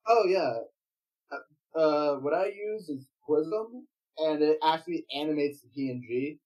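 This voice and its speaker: A man from Wales, chatting casually as a guest streamer in an easygoing, halting way. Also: on the high side, lively intonation, darkish tone, dull audio.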